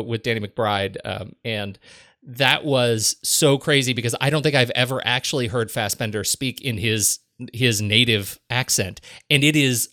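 A man's voice: mid-range voice, bright, forceful tone, no echo, clean studio sound. A man in casual conversation about a film, chatty with many restarts. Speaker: film podcast host.

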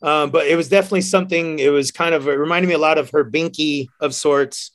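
A man, a bartender guest, telling stories casually, animated and laughing often. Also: on the high side, quick pace. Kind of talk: casual storytelling.

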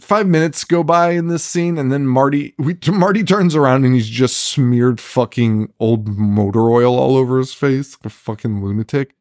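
A man's voice: mid-range voice, normal speed, hardly any pauses, no room sound, clean studio sound. Laughing, swearing man recapping a horror film. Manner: animated, profane, laughs often while retelling scenes. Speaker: podcast co-host. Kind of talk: casual movie recap chat.

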